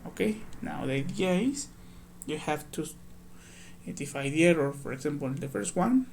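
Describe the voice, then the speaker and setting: Male ESL teacher, gravelly, slightly high voice, patient step-by-step workbook walkthrough, faint hiss behind. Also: animated, moderate pace, darkish tone. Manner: patient, explains step by step, reads examples aloud. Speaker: English teacher.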